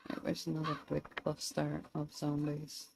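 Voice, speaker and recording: Young Scottish woman, streamer, dark warm voice, chatty and dry. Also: low-pitched, completely flat delivery, vocal fry, slightly rough, rough recording. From Scotland. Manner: chatty and wry, pausing mid-thought. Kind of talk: casual gameplay commentary, chatting with viewers.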